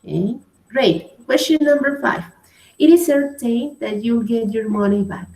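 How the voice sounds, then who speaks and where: A woman's voice: fairly high pitch, unhurried, a little mellow. Patient woman teaching grammar, echoey room. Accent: Colombian Spanish. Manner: patient, praises students by name, many okays and rights. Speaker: English teacher. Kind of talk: online grammar lesson.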